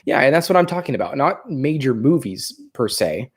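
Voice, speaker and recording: A man's voice: mid-range voice, very animated, moderate pace, husky. A man with a Californian accent hosting a casual livestream, thinking aloud and rambling with fillers. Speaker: livestream host.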